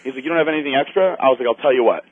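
Talking very fast in a mid-range voice, this man animatedly recounts a story in casual conversation, performing others' lines and cursing. The recording is dry but sounds tinny, like a phone line.

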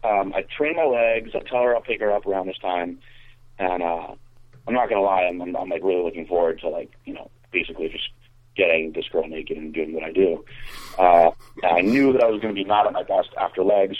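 Brief: low-pitched man, rambling profane storyteller, tinny phone-like audio. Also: no room sound. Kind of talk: casual anecdote.

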